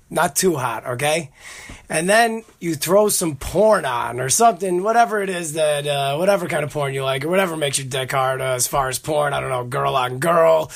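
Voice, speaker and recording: A man's voice: fairly high pitch, vocal fry. A man hosting a podcast, telling rambling, profane stories in casual chat. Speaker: podcast host.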